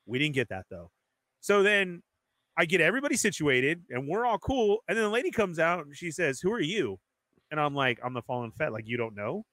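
A man's voice: a little high, sing-song, a little fast, fairly bright tone, dry recording. A man in casual conversation, telling a story animatedly and acting out what others said. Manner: acts out other people's lines in quoted voices. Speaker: storyteller in group chat.

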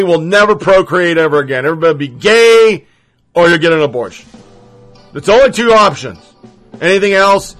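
A man's voice: fairly high pitch, a bit bright, rough recording. A man giving profane political commentary, sarcastic and swearing a lot.

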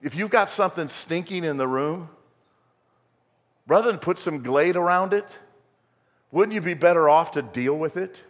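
A man's voice: fairly high pitch, normal speed, pauses often. A male pastor preaching a sermon, telling folksy stories and building to emphatic bursts. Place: church sanctuary. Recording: long hall reverb.

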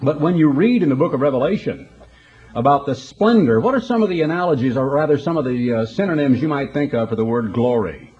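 A man's voice: medium pitch, expressive, fairly quick, a little mellow, muffled recording. A man preaching a broadcast sermon in a folksy, conversational storytelling manner.

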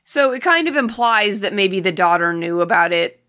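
A woman with a bright, crisp-edged voice talks through a film's plot in relaxed podcast chat. She is chatty and swears casually as she recaps. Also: medium pitch, normal speed. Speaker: podcast co-host.

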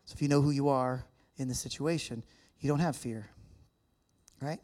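In a medium-pitched, darkish voice at normal speed, a U.S. guest speaker gives a chatty, joking talk. He interacts with his live audience in a church hall.

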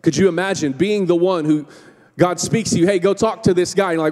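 High-voiced pastor in a reverberant church. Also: male voice, brisk, darkish tone. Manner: conversational, jokey storytelling with acted-out quotes. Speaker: campus pastor. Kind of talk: sermon. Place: church sanctuary. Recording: long hall reverb in a church.

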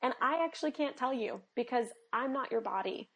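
A woman health coach talking in a casual podcast conversation, earnest and animated, with many fillers, acting out little dialogues. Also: a little high, brisk, dull audio. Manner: acts out quoted dialogue.

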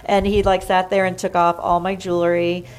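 A woman telling a story in a casual chat, animated, acting out what others said in higher voices. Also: normal speed, poor audio. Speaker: guest.

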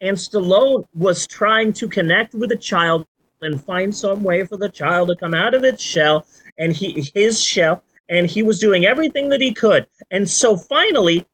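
A man hosting a casual movie podcast, ranting and joking with animated swings and the odd shouted outburst. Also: sits high, normal speed, husky. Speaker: podcast host.

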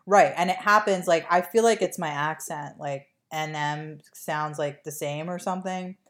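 A woman with a notably low voice and a non-native English accent chats on her podcast. She rambles loosely, full of ums and likes, slipping in deadpan jokes. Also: moderate pace. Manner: rambling, filler-heavy, joking. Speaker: podcast co-host. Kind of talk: casual chat.

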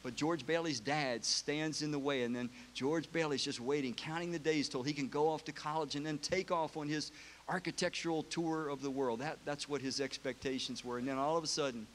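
A preacher giving a sermon, retelling a film story in an emotional, casual way. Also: male voice, a little high, fairly even intonation, brisk, fairly bright tone, slight background noise.

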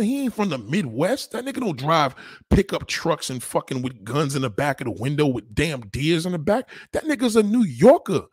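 Profane, animated New man ranting. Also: slightly rough, no room sound, clean studio sound. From New York. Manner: profane, animated, swinging pitch. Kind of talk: casual rant.

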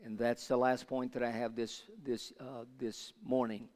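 An older man preaching a sermon, moving from quiet Bible teaching to loud call-and-response with the congregation. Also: mid-range voice, flat delivery, unhurried. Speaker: pastor. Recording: long hall reverb.

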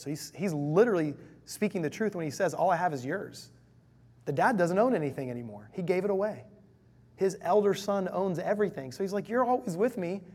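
Husky pastor guy preaching, talks to the crowd, stacks phrases in threes. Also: fairly high pitch, darkish tone. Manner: emphatic, conversational, repeats phrases in threes. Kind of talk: sermon.

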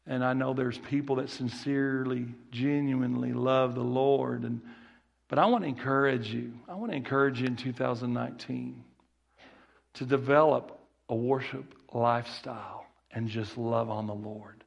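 A man's voice: medium pitch, steady tone, normal speed, vocal fry, dull audio. A man with a Southern country accent preaching a sermon in a folksy way, repeating key phrases and restarting his sentences. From rural Texas. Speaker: guest preacher.

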